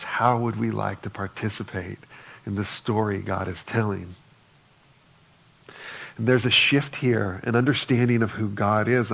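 A man's voice: on the low side, creaky, breathy edge. A man preaching a sermon in a conversational way, reading scripture aloud between his own remarks. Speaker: pastor.

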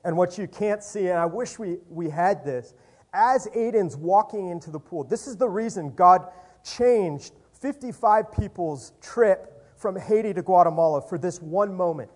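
A man, a youth leader, telling a lively testimony story full of quoted dialogue. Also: high-pitched, normal speed. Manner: animated, lots of quoted dialogue.

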